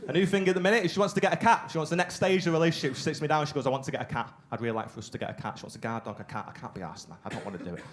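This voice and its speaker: Male comic, young, slightly high voice, live theatre set with audible background noise. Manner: animated storytelling, acting out both sides of conversations. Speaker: stand-up comedian. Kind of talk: stand-up comedy set. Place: theatre stage with live audience.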